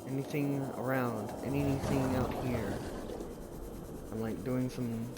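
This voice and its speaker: A man giving live commentary while streaming a game, panicky and excitable, swearing at what chases him. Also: medium pitch, takes it slowly, very noisy. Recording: loud game audio under the voice.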